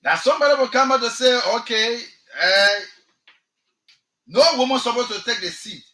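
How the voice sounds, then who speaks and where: A man's voice: very high voice, normal speed, pushed and bright, roomy sound, low-quality recording. A man with a Liberian English accent hosting a radio talk show, delivering impassioned political commentary and firing off repeated rhetorical questions. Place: radio studio.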